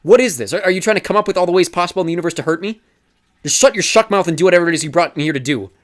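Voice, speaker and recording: A man's voice: sits high, lively intonation, rapid-fire, pitched above the performer's own voice. A man reading an audiobook who voices an angry, betrayed teenage boy, raising his voice in fury. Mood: furious. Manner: shouting in anger. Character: hurt, furious teenage boy.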